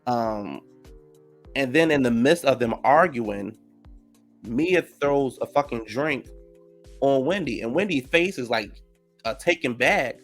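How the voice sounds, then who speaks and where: A man casually recapping a reality TV episode, gossipy and profane, reacting loudly to the drama. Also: mid-range voice, expressive, slow, pauses often, faint music behind.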